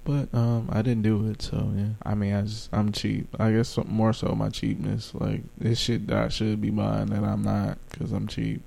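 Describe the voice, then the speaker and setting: A man's voice: on the low side, monotone, normal speed, creaky, hardly any pauses, dark tone. A man co-hosting a casual podcast, speaking in an easygoing, mildly profane way. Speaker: podcast co-host.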